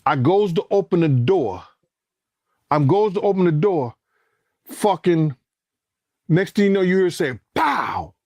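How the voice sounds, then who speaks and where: A man with a voice that sits high speaks at a measured pace, pausing often, as he tells a story in casual, cursing speech. He acts out quoted voices and raises his voice to shouts when excited, in studio-quality sound with no echo.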